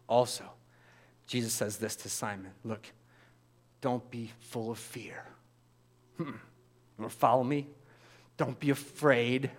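A man preaching a sermon, animated, acting out the voices of the people in the story. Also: mid-range voice. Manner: animated, acts out voices of biblical figures. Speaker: pastor.

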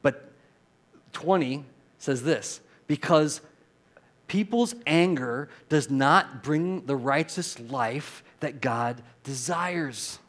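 A man preaching a sermon as pastor, earnest, moving from quiet reflection to loud emphatic repetition and leading the congregation to repeat lines after him. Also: a little high, drawn-out words. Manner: leads the congregation in call-and-response.

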